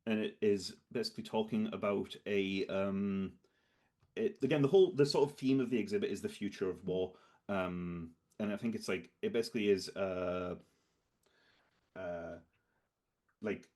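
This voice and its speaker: A man's voice: fairly low pitch, moderate pace, a little mellow. Hesitant man narrating as game master. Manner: hesitant, rambling with many fillers.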